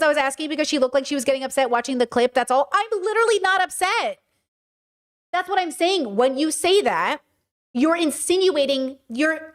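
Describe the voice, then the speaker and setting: Woman livestream commentator, high voice, stern and direct, reads out chat and answers it. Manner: passionate, direct, animated argument. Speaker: streamer and commentator.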